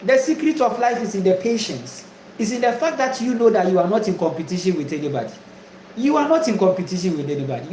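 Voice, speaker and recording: A man's voice: sits high, expressive, quick pace, a little mellow, roomy sound, slight background noise, low-quality recording. A man from Ghana preaching a spiritual monologue, emphatic and repetitive, full of rhetorical questions. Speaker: spiritual teacher.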